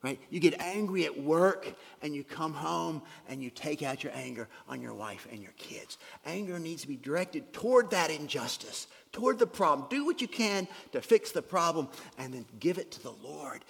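A man preaching a sermon in an earnest way, with a gravelly, husky voice, dropping to soft whispers for emphasis. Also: a little high, lively intonation, normal speed, hardly any pauses, in a large hall. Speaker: pastor.

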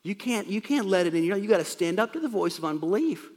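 A man's voice: high-pitched, expressive, fast talker, darkish tone, big-room sound. A man preaching a sermon, explaining scripture in a plain, conversational way.

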